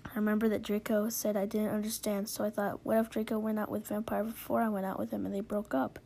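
A woman's voice: medium pitch, flat delivery, fast talker, vocal fry, warm tone. Giggly young woman reading dramatically. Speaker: reader. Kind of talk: mock-dramatic reading of fan fiction.

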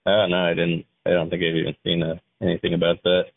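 A man's voice: sits low, monotone, quick pace, vocal fry, no echo, narrow, tinny audio. A man on a podcast giving short, laid-back replies in casual chat. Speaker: podcast co-host.

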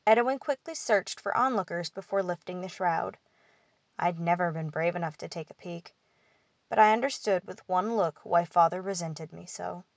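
A woman reading a first-person fantasy audiobook in a measured, steady way. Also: lowish voice, vocal fry, dry recording, highs cut off. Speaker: audiobook narrator.

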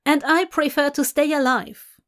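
Sardonic blunt man, read by a woman, scoffing, raised pitch, storybook. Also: steady tone, measured pace. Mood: defiant. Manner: sharp, scoffing. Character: blunt, sardonic man, immortal tavern regular.

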